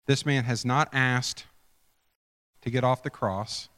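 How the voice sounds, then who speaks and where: A man preaches a sermon, acting out a personal story as an animated storyteller. He drops to hushed whispers and then rises to shouts. His voice is bright and forceful, carried by the long reverb of a church hall. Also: mid-range voice, slow pace. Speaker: pastor.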